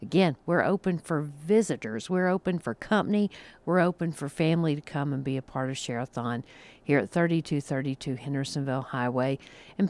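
A man's voice: fairly high pitch, clear, resonant tone. A man hosting a casual radio show, folksy and chatty, with frequent fillers. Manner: folksy, chuckling, filler-heavy. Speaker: radio host.

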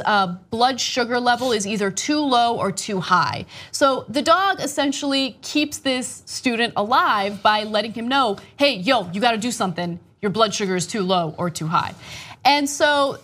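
A woman's voice: a little high, expressive, fairly bright tone. A woman hosting a news talk show, chatting casually and gushing over a feel-good story. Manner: chatty, gushing, quick asides.

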